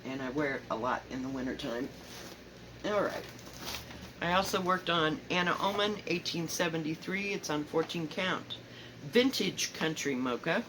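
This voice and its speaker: Chatty Southern woman, rambling softly. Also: sits low, lively intonation, normal speed, background noise. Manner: chatty, rambling, self-correcting, often trailing off softly. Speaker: cross-stitch vlogger. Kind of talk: casual show-and-tell chat. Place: home, indoors.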